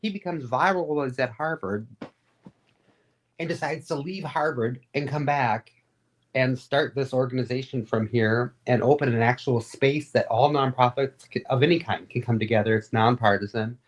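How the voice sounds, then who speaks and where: A woman's voice: extremely low pitch, moderate pace. Candid, rambling woman telling stories. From Florida. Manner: rambling, animated, candid, with frequent fillers. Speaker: guest, advocate and radio host. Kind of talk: casual interview storytelling.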